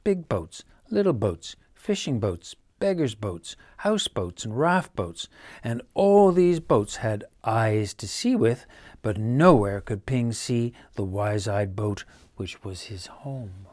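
A man reading a children's bedtime story aloud, gentle and dropping to a hush at quiet moments. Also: fairly low pitch, expressive, slow pace, no echo.

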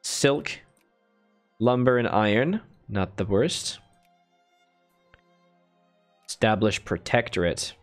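A man's voice: fairly low pitch, expressive, slow, long pauses, soft background music. A man live-streaming a strategy game, thinking aloud in a chatty way and thanking viewers with bursts of enthusiasm. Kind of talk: casual live-stream commentary.

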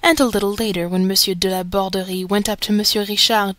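A woman's voice: mid-range voice, quick pace, few pauses, dry recording. Dry-voiced woman narrating a classic novel. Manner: expressive, dramatic reading. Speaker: audiobook narrator. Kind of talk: scripted narration.

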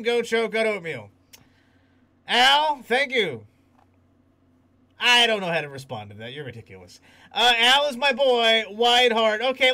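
A man's voice: very high-pitched, gravelly, bright, forceful tone. A man hosting a livestream, chatting casually, reading the chat aloud and laughing often. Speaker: host.

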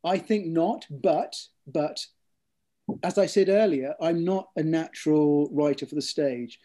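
In a reflective interview, a male author talks in a soft, mellow voice pitched a bit high. He unfolds his stories at a measured pace, frequently restarting with ums and repeated words, and there's a faint hiss or hum in the background.

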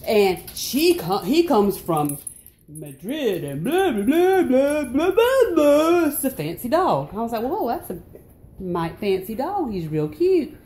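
Southern lady going off in a vlog, pitch leaping all over, mellow low tone. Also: slow. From North Carolina. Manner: animated, exclamatory, swings into high outbursts. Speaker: vlogger. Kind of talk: casual ranting monologue.

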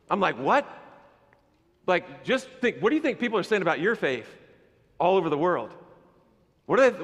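A man delivers an animated sermon as pastor, his voice pitched high for a man. He slips into chatty, playful asides to the congregation. The sound carries the long reverb of a church hall. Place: church sanctuary.

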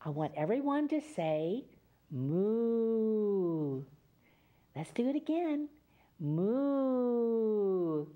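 A woman's voice: sits high, very animated, normal speed, hardly any pauses, phone-quality sound. A woman hosting a children's story time, reading a picture book aloud and coaxing the children to repeat animal sounds with her. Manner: sing-song, coaxing children to join in; animal sounds and call-and-response.

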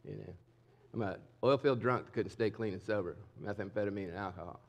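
A middle-aged male pastor preaching a sermon in a candid, conversational way, swinging between emphatic and hushed lines. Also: on the low side, fast talker, gravelly, muffled recording. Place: church sanctuary.

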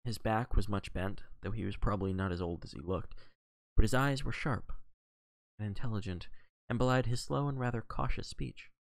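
A man's voice: on the low side, moderate pace, creaky, dry recording. A man reading a classic mystery novel aloud on a livestream, narrating expressively. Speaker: audiobook reader on a livestream.

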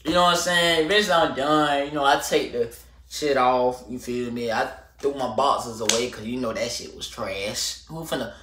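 A young man telling a storytime vlog to camera, animated and slangy, swinging from loud rants to low muttering. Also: reverberant, slight background noise. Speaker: vlogger.

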